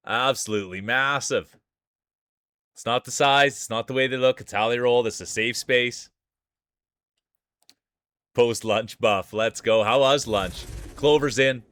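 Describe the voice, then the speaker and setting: A man's voice: medium pitch, steady tone, unhurried, fairly bright tone, smooth, no echo, clean studio sound. A man streaming live, calling marble races like a sports announcer and greeting viewers by name. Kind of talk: live stream race commentary.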